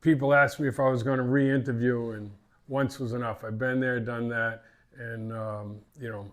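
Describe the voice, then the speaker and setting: Telling stories at a normal speed, this older Massachusetts fishing captain has a Boston accent and a level, medium-pitched voice. The interview is casual, and he rambles and repeats words.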